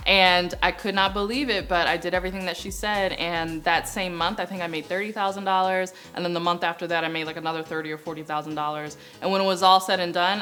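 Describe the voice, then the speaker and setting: A young woman from the United States, a business coach on YouTube, telling her own story in an animated vlog and acting out the voices she quotes. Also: on the low side. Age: young adult.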